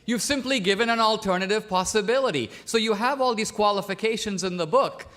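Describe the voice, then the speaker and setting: A man's voice: high voice, brisk, fairly bright tone. A man from India arguing in a public debate, pressing his points with methodical questions.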